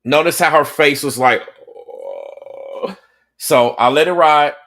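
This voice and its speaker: A man's voice: fairly high pitch, normal speed, fairly bright tone. A man from Atlanta with a Southern accent, hosting a reaction video in a chatty, explaining way, often checking in with the audience. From Atlanta, Georgia. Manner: conversational, checks in with "okay?" and "right?". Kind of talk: casual commentary.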